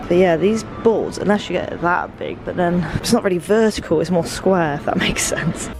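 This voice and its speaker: A young woman with an English accent chatting casually in a vlog, self-deprecating and jumping into high excited tones. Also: moderate pace, creaky, music in the background. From England. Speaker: vlogger.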